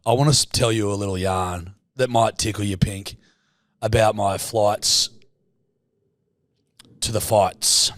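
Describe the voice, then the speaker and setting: On the low side and at a measured pace with frequent pauses, a young Australian man co-hosting a podcast tells a casual story, swearing heavily and performing the quoted lines in an animated way. There's slight background noise.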